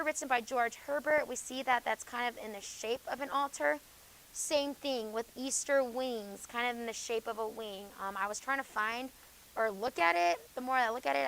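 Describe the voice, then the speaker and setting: A woman teaching a high school class, her voice sitting a bit high. She walks through the material with plenty of ums and keeps checking in with a quick "okay?". Every so often she turns firm and tells students off. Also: vocal fry, fairly bright tone, a little hiss or hum, poor audio. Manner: explains with frequent "okay?" checks and fillers, stern asides to students. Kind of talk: classroom lecture.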